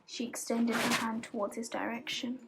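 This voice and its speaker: A woman reading a fantasy short story aloud in a calm, even storybook narration. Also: on the high side, normal speed, vocal fry, rough recording. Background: soft background music.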